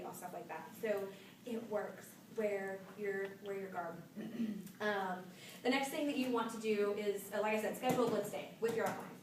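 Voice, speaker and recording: Upbeat woman trainer telling stories to a group, heard from across an echoey noisy room. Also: medium pitch. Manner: chatty, storytelling, upbeat. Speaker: sales trainer. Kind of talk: live training talk. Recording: echoey room from far off with noise.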